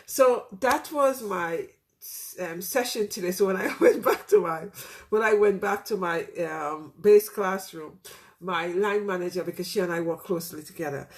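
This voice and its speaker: A middle-aged woman who is a teacher speaks candidly and from the heart to her listeners in a casual, reflective monologue. Her voice is medium in pitch, and she says "you know" a lot.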